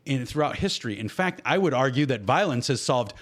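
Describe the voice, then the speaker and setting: Speaking fairly quickly in a medium-pitched, slightly bright voice with lively intonation, a man hosts a casual podcast. He's heated and blunt, cursing nonstop.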